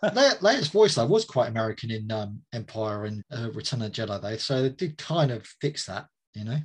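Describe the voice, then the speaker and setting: Husky-voiced man in an animated chat. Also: on the low side, brisk. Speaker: guest. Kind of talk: casual chat.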